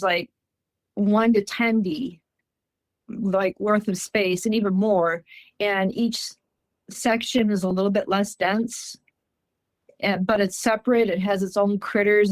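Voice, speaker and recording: A woman from Minnesota earnestly recounting a personal encounter in casual storytelling, animated and laughing often. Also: mid-range voice, no echo. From Minnesota, USA.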